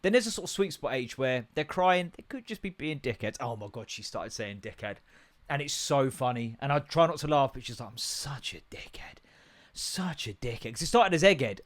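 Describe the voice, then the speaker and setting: A man's voice: medium pitch, very animated, a little fast. A young English man hosting a podcast, ranting in a casual, sweary way that jumps from topic to topic. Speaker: podcast host.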